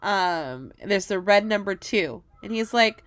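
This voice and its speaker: A woman's voice: medium pitch, animated, slow pace, few pauses. A woman co-hosting a podcast, casually recapping a horror film, swearing freely and hesitating with fillers. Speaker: podcast co-host. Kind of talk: casual movie recap chat.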